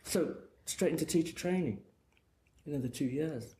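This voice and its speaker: Rambling storytelling man, mellow voice. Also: on the high side, moderate pace. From England. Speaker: guest hairdresser. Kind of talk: casual storytelling chat. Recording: echoey room with faint noise.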